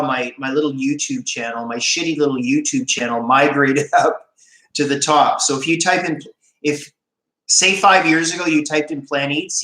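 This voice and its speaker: A Canadian-accented man chats on a casual livestream, rambling, joking and laughing as he reads out comments. His voice sits a little high and sounds bright. The sound carries a roomy echo. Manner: chatty, rambling, jokey, laughs often. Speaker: YouTube channel host on a live stream. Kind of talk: casual livestream chat, reading viewer comments.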